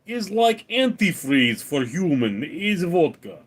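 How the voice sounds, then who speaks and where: A man's voice: on the high side, very animated, takes it slowly, pitched above the performer's own voice, full character voice. A man putting on a broken-English Russian guy. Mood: mock-serious. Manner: broken English, dropped articles. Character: mock Russian man praising vodka.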